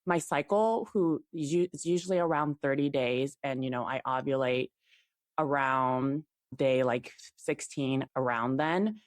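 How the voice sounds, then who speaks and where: Low-pitched chatty woman, podcast guest. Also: unhurried, no echo, studio quality. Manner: chatty, fillers of "like", enthusiastic. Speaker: guest, fertility app CEO. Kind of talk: casual podcast interview.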